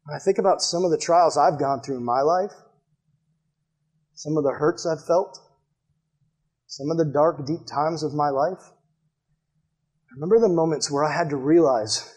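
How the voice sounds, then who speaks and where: A young man preaching a sermon to a live audience in a church building, earnest and direct, often dropping to a hushed appeal. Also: fairly high pitch, measured pace, pauses often, breathy edge. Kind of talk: sermon with altar call.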